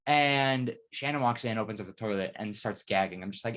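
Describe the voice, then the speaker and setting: A young man and podcast co-host telling a rambling, profanity-laced story in casual chat, his retelling getting animated. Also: lowish voice, a little fast, few pauses. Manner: rambling storytelling, heavy swearing, lively retelling.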